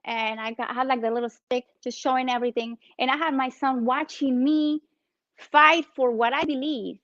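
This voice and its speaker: A woman in her thirties with a Spanish accent, an entrepreneur guest telling her story with animated energy in a casual interview. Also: high-pitched, moderate pace, dry recording, lo-fi sound. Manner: animated, acts out phone calls in her story.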